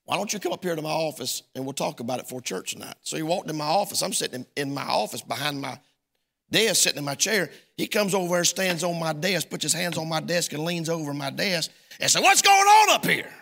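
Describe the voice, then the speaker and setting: A man's voice: on the high side, fast talker, creaky, bright, forceful tone, long reverb tail. A man preaching a sermon as pastor, telling a folksy story and acting out both sides of a conversation. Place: church sanctuary.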